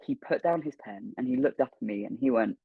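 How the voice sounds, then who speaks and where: Husky man telling an animated story. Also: mid-range voice, fairly quick, dry recording, narrow, tinny audio. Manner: animated, swears freely, acts out quoted dialogue. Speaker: guest voice actor. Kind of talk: storytelling anecdote.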